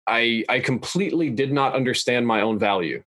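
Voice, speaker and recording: A young adult man talking in a measured, analytical, plain-spoken way as a podcast guest. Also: mid-range voice, fairly bright tone, no echo. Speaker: guest YouTuber. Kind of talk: casual podcast interview. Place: podcast studio.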